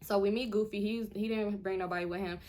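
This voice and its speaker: A woman's voice: medium pitch, fast. Chatty young woman telling a storytime. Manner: chatty, animated, heavy on filler "like", acts out others' lines. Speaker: vlogger. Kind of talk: casual storytime.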